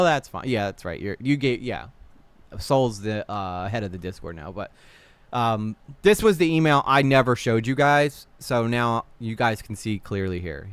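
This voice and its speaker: A man hosting a casual livestream reaction, animated and blunt, swearing freely while talking to his chat. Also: lowish voice, clean tone, dry recording. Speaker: livestream host.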